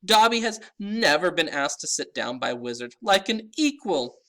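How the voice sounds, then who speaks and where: A man reading a storybook aloud and voicing a small, tearful, groveling male house elf in a high-pitched, excitable way. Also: moderate pace. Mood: wailing. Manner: earnest, excitable, wailing.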